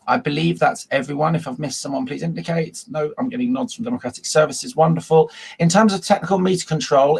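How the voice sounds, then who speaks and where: A man's voice: on the high side, vocal fry, husky. A man chairing a formal council meeting over a video call, working through procedure with frequent ums and uhs.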